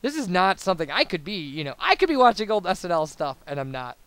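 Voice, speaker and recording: High-voiced rambling young guy. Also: very animated, fast, fairly bright tone, clear, resonant tone, no room sound. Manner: rambling and babbling, lots of fillers and tangents. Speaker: let's play commentator. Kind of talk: casual post-commentary chat over gameplay.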